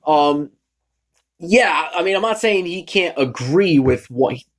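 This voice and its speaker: A man's voice: fairly high pitch, measured pace. A young man from Massachusetts telling a story in a casual rant, rambling with lots of fillers and restarts, acting out what people said. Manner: animated, acts out quoted lines. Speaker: vlogger.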